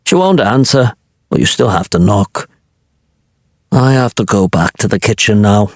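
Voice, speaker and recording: A man reading aloud and voicing a resentful young kitchen boy who speaks in a flat, annoyed, deadpan way. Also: lowish voice, unhurried, no room sound, voice pushed down.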